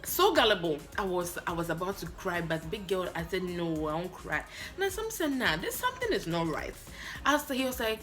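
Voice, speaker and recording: Bright, animated woman telling a story. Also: a little fast, faint music behind. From Africa. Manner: lively, acts out both sides of phone calls with big pitch jumps. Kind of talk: animated story-time vlog.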